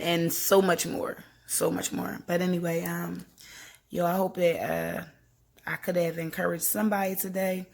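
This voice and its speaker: A woman's voice: fairly low pitch, vocal fry. A young woman vlogging to camera, talking earnestly and encouragingly about faith and grief, with frequent laughs. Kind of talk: casual heartfelt talk to camera.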